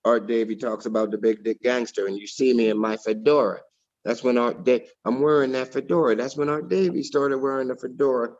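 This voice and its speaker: A man's voice: mid-range voice, steady tone, fairly quick, a little mellow. A middle-aged man hosting a livestream, boastful and profane, hurling insults in heated banter. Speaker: livestream host, former fighter. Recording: dull lo-fi stream audio.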